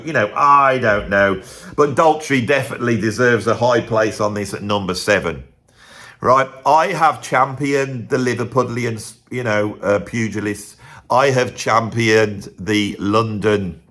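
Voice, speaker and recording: A man's voice: lowish voice, a bit bright. A man hosting his own channel, giving a rambling, chatty opinion monologue full of tag questions. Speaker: host.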